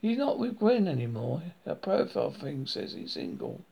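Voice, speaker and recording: A man doing a shrill Irish auntie. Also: sing-song, normal speed, gravelly, a little mellow, breathy edge, heavily acted. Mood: fretful. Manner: shrill screeching nagging. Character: fussy worried middle-aged Irish aunt.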